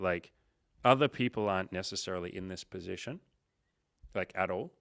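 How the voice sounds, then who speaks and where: Male coach hosting a livestream, low-pitched, lively and profane, on a dry close mic. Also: moderate pace, gravelly, clean tone, dry recording. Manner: animated, profane, acts out quoted voices. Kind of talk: casual livestream monologue.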